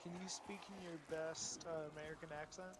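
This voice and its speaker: A man chatting casually while playing a game, in a slow, drawling, teasing way. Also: a little high, flat delivery. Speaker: gamer. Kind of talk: casual chat while gaming.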